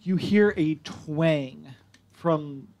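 A man running a tabletop game as game master, calmly giving rules calls and describing the action. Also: on the high side, drawn-out words, vocal fry.

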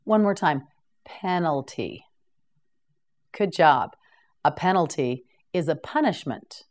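Slow, deliberate woman teaching vocabulary. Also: low voice, lively intonation, a little mellow. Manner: repeats each word slowly and evenly, with brief praise. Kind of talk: slow, clear vocabulary drill for beginners.

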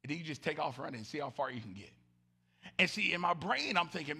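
A pastor with a high, gravelly voice preaching a sermon to his church. His tone is bright and sharp, and he swings between loud shouts and low, hushed murmurs. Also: very animated, quick pace. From Southern United States. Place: church sanctuary.

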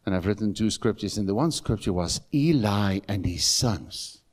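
A man's voice: lowish voice, lively intonation, moderate pace, darkish tone. A middle-aged man with a South African accent, preaching a sermon in a church and telling stories with emphatic, rising calls. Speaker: pastor.

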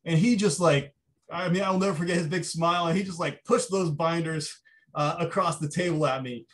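A man's voice: a little high, a little fast. Man telling a story in a keynote. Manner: anecdotal, conversational with restarts. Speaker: keynote speaker. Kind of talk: storytelling lecture.

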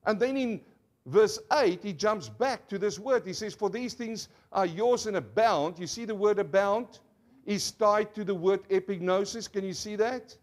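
A male pastor preaching an emphatic sermon in a voice that sits a little high for a man. He leads the congregation in call-and-response and keeps asking rhetorical questions as he explains the meaning of words. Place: church service before a congregation.

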